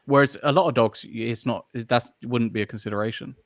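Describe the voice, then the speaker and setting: A man's voice: mid-range voice, brisk, no echo, studio quality. A man guesting on a podcast, talking casually and at length, full of fillers and restarts as he searches for words. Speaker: podcast guest, dog trainer. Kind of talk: casual interview chat.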